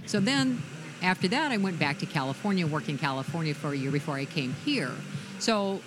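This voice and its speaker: A woman's voice: deep voice, expressive, a little fast, over music. A woman from Minnesota, a former news anchor, talking casually and reflectively with many fillers. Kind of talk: casual interview talk.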